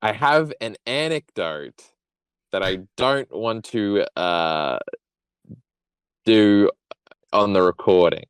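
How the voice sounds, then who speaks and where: A man's voice: on the low side, lively intonation, slow, long pauses, clear, resonant tone, no echo, clean studio sound. A man in casual chat who rants sarcastically with a lot of swearing. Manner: crude, sarcastic, rants with heavy profanity. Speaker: podcast co-host.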